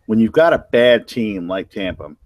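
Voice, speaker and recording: A man co-hosting a sports podcast, talking casually in a relaxed radio DJ manner. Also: fairly low pitch, normal speed, no echo. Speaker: podcast co-host.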